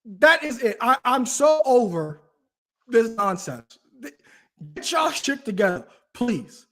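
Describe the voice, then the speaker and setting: A man's voice: very high voice, takes it slowly. Ranting stammering male podcast host. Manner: animated ranting with repeated restarts. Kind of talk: casual chat.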